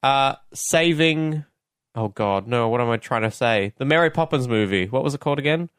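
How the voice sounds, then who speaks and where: A man's voice: medium pitch, lively intonation, normal speed, a bit bright, clear, resonant tone, no echo, clean studio sound. A man co-hosting a podcast, rambling casually and searching for his words. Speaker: podcast co-host. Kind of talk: casual chat.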